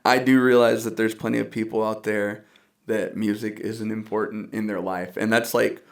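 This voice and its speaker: A man's voice: lowish voice, level tone, normal speed, vocal fry. Earnest young man telling a story. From Dallas area. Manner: earnest storytelling with laughs and quoted asides. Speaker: guest musician. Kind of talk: casual podcast conversation.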